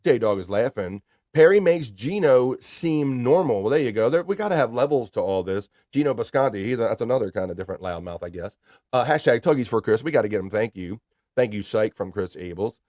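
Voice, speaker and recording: A man hosts a laid-back livestream, reading out chat messages and greeting viewers one by one. His voice sits at an ordinary middle pitch and sounds close and dry, with no room echo. He talks loosely and swears casually. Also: lively intonation, a little fast. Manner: loose and profane, shouting out chatters by name. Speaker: livestream host.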